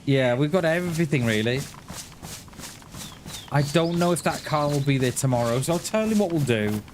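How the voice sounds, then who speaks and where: A man's voice: on the high side, animated, moderate pace, noisy background. A man chatting casually while live-streaming a survival game, thinking aloud with lots of restarts and little chuckles.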